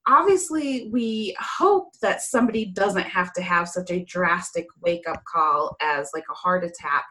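A woman's voice: on the low side, unhurried, pushed and bright, rough recording. A woman hosting a podcast who offers encouraging reactions and asks her guest questions. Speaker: podcast host. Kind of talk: interview questions.

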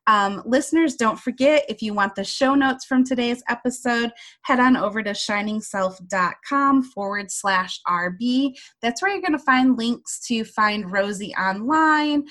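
A woman's voice: on the high side, unhurried, hardly any pauses, a bit bright. Upbeat woman podcast host. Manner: effusive, upbeat, chatty with many fillers. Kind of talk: casual interview chat.

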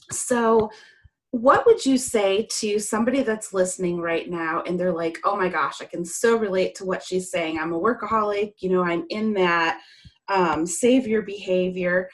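A woman's voice: mid-range voice, moderate pace, poor audio. A woman hosting a podcast who offers encouraging reactions and asks her guest questions. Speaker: podcast host. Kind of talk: interview questions.

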